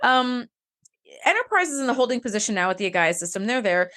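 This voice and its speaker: A woman's voice: on the high side, big pitch swings, quick pace, a bit bright. A woman co-hosting a podcast, chatting casually about a TV episode with wry asides and jokes. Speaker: podcast co-host. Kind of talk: casual chat recapping an episode.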